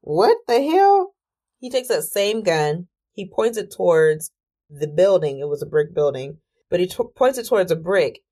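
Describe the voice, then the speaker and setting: A woman podcast host telling a story in a casual monologue, animated and exclamatory, cursing freely and talking herself down with deep breaths. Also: moderate pace.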